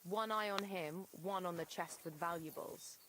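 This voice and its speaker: A wary, grumbling farm wife. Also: female voice, lowish voice, a little slow. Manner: suspicious and grumbling. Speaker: game character. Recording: game audio with loud farmyard noise.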